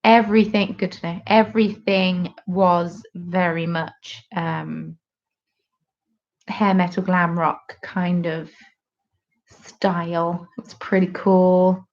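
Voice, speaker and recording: A woman's voice: lowish voice, fairly even intonation, takes it slowly, lo-fi sound. A woman hosting a knitting podcast live, chatting casually and rambling while she knits and reads out viewer comments at home. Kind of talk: casual live-stream chat.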